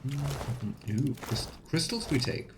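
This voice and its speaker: A man's voice: mid-range voice, lively intonation, slow, noisy background. A man giving casual gameplay commentary, chatty and reading game text aloud playfully. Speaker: let's play host.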